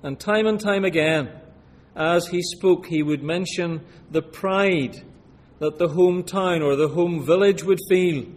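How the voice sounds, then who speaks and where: A Scottish man with a high-sitting voice preaches a sermon in a hall, slow and measured. He reads scripture deliberately in an earnest manner, with long hall reverb and faint room ambience around him.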